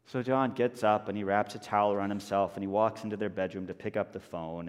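A man preaching a sermon as a pastor, telling stories with lively, acted-out voices. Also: on the low side, fast talker, few pauses, long reverb tail. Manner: animated storytelling, acting out voices of people in the story.

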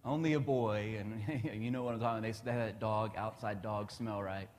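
A man's voice: lowish voice, steady tone, moderate pace, darkish tone, big-room sound, a little hiss or hum. A man in his thirties giving a casual devotional talk, chatty and laughing often.

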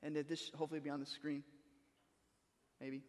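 A man's voice: fairly high pitch, little pitch movement, fairly quick, darkish tone, in a large hall. A man preaching a sermon as pastor, talking conversationally and repeating words as he starts a thought.

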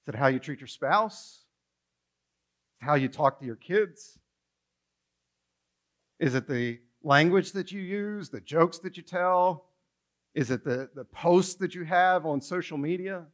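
A male pastor preaching a sermon in an animated, conversational way, full of rhetorical questions. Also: a little high, measured pace, long pauses.

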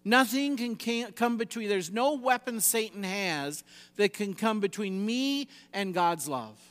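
A man preaching a sermon, emphatic, swinging between loud exhortation and quiet, low passages. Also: expressive, measured pace, big-room sound.

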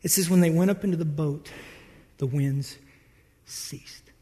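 A man preaching a sermon as a pastor, telling the story with animated, playful energy and acting out the disciples' voices. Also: fairly high pitch, unhurried. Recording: long hall reverb.

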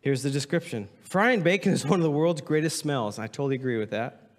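Playful male pastor, lively pitch, long hall reverb. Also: brisk. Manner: playful, joking, reads aloud with mock drama. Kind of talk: humorous sermon to a congregation. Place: church sanctuary.

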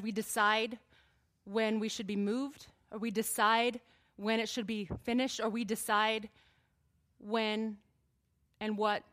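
A woman preaches a sermon to a live congregation in church, her voice fairly high. She is conversational and joking, laughing with listeners, and shifts between quiet asides and emphatic passages.

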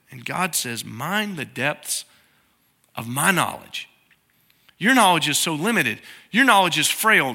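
A middle-aged man preaching a sermon in a conversational way, now and then acting out prayers in a softer, lower voice. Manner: conversational preaching, acts out quoted prayers in a soft low voice. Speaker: pastor.

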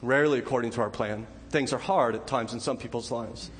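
A man's voice: mid-range voice, a little fast, long reverb tail. A man preaching a sermon, asking his listeners rhetorical questions. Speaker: pastor.

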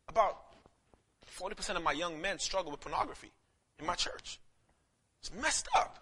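A male pastor preaching a casual, animated sermon, swinging from shouts to hushed lines and calling listeners man. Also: sits high, moderate pace, long pauses, heavy background noise. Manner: casual street talk, calls listeners man.

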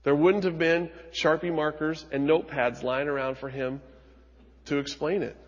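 A man preaching a sermon as pastor, retelling scripture dramatically, moving from hushed lines to emphatic ones. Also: on the high side, fairly even intonation, moderate pace, long reverb tail, dull audio.

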